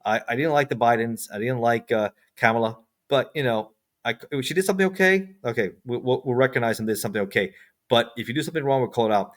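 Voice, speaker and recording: A man's voice: medium pitch, animated, fast. A man in casual political chat, repeating and restarting his words as he goes. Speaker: guest.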